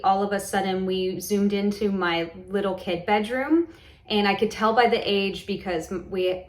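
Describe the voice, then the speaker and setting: Recounting her hypnosis session to camera, a woman vlogger rambles casually, restarting often and filling her speech with "like" and "um." Her voice is mid-range and reverberant.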